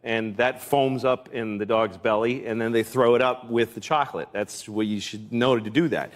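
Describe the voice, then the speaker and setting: A man who is a comedian, telling a comic story as a guest on a TV talk show. He is animated and self-mocking and laughs as he talks. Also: medium pitch, normal speed.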